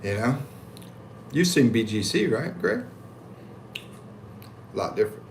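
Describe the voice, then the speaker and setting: A relaxed American man in a middle-pitched voice, chatting loosely to his livestream viewers and chuckling as he answers their comments. A faint hum of noise sits behind him. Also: measured pace. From United States. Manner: laid-back, chuckling, reads comments aloud with animated voices. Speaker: livestream host reading chat. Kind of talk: casual livestream chat. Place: at home in the Philippines.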